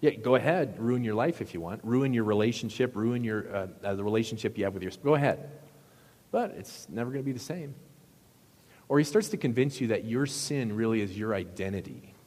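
A man's voice: lowish voice, brisk, darkish tone. A man pastor preaching a sermon in a conversational storytelling way and asking the audience questions. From Wisconsin, US. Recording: echoey hall.

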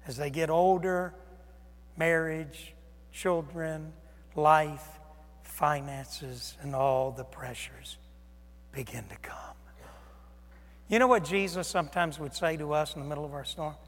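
Animated high-voiced preacher in a reverberant hall. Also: male voice, measured pace. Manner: animated, acts out voices of Jesus and disciples, swings loud and soft. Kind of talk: sermon.

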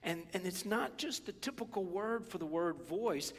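A man preaching a sermon in a conversational, animated way, sometimes dropping to a whisper. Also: sits high, normal speed, long reverb tail. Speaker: pastor.

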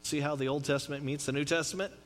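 A middle-aged man preaching a sermon in a conversational, joking way, with swings from loud to quiet. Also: fairly high pitch, flat delivery, quick pace, faint music behind. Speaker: pastor.

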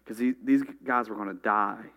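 A man's voice: fairly low pitch, steady tone, normal speed, bright, forceful tone. A man preaching a sermon, earnestly reading scripture and speaking straight to his congregation. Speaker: pastor.

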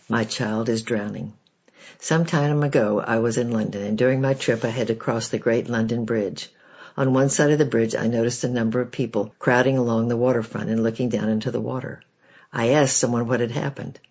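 A man reading devotional stories and scripture in a measured, earnest, preacherly way. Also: mid-range voice, fairly even intonation, creaky, darkish tone, breathy edge. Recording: dull lo-fi recording.

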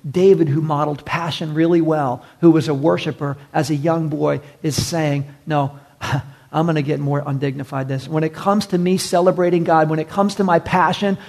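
A man preaching a sermon, animated, moving from hushed lines to shouting. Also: a little high, moderate pace, creaky. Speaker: pastor.

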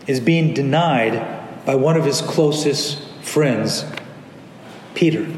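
A man's voice: high voice, slight background noise. A man preaching a sermon as pastor, earnest, sometimes acting out the people in the story. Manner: earnest, acts out quoted lines. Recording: echoey hall, faint ambience.

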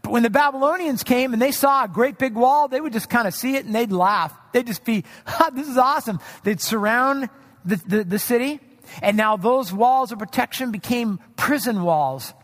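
A man preaching a sermon in a conversational way, acting out quoted voices with shifts in pitch. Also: moderate pace, fairly bright tone, in a large hall. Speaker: pastor.

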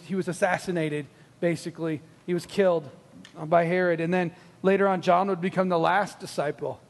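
A man preaching a sermon, telling a Bible story with animated, acted-out quotes and frequent laughter. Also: high voice, in a large hall.

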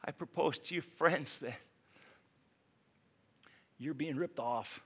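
A male pastor preaching a sermon, swinging between loud urging and quiet asides. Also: on the high side, slow, slightly rough.

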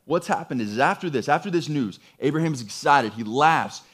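A man's voice: fairly high pitch, lively intonation, normal speed, a bit bright, slightly rough. A man preaching a sermon in a conversational, emphatic way, often repeating phrases. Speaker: pastor.

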